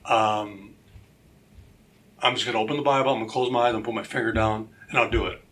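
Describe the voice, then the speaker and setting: A man sharing his personal testimony as a talk show guest, animated and acting out the voices of the people in his stories. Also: lowish voice, fairly quick. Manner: animated, acts out quoted voices. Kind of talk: storytelling testimony.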